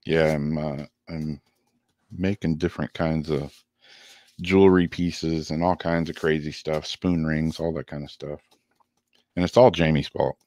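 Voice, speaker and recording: A man's voice: rumbling low, steady tone, measured pace, darkish tone, dry recording, studio quality. A laid-back man co-hosting a casual livestream, chatting and reading card meanings aloud, laughing easily while losing his voice. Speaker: co-host.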